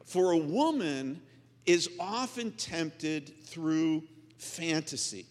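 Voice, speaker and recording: A man's voice: fairly high pitch, animated, very slow. A male pastor preaching in a conversational way, asking his audience questions and acting out stories. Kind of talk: sermon. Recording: long reverb of a large hall.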